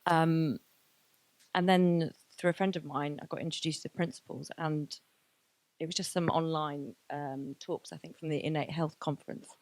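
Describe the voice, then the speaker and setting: A woman's voice: low-pitched, fairly even intonation, normal speed, no room sound. A woman, giving a candid and emotional personal testimony at a graduation event. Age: 30s. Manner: candid, emotional, many fillers. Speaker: graduation speaker.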